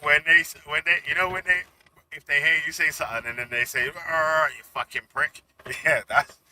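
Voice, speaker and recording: A man hosting a casual reaction chat, teasing and relaxed. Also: fairly high pitch, a little fast, a little hiss or hum. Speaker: host.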